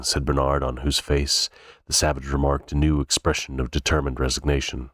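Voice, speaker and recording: A man's voice: extremely low pitch, little pitch movement, a little fast, fairly bright tone, dry recording, studio quality. A man reading a novel aloud unrehearsed, stumbling and restarting words now and then. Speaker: reader. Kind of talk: cold-read audiobook narration.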